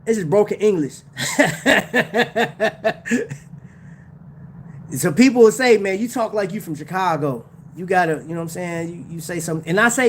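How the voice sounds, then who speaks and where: A man's voice: on the high side, slight background noise. A man hosting a casual livestream about watches, talking in slang, laughing often and addressing his chat. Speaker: watch channel host.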